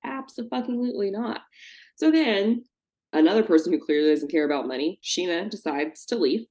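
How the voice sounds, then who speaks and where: Woman, podcast co-host, casual recap, profane, animated, lowish voice. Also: fairly quick. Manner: animated, profane, mimics people she talks about.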